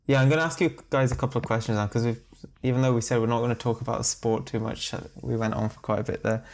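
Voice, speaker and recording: A man's voice: medium pitch, fairly even intonation, fast talker, slight background noise. A young man hosting a podcast, putting questions to his friends in an easygoing tone with plenty of fillers. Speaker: podcast host. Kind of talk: casual chat.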